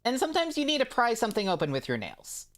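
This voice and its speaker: A woman's voice: fairly high pitch, wildly swooping pitch, fast talker, dry recording, studio quality. A woman with a Mid-Atlantic American accent touched by Baltimore, chatting casually on stream while gaming and rambling as she answers chat.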